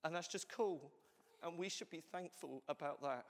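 A man's voice: a little high, moderate pace. A man pastor giving a conversational sermon to his congregation, often saying "you know" and "so cool". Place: church hall. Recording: long hall reverb.

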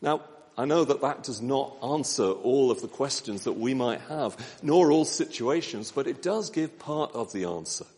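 A man preaching a sermon in a gentle, measured way, slowing down with pauses for emphasis. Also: medium pitch, animated. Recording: long church reverb.

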